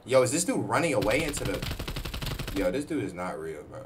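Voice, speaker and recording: A man's voice: fairly low pitch, very animated, brisk. A man streaming a game, chatting in slang and egging other players on over voice chat. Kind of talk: gaming voice chat. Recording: noisy game audio.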